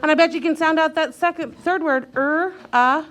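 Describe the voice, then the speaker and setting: A woman teacher leading a young child through a reading lesson, slow and clear, sounding out letters and encouraging. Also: sits high, a bit bright.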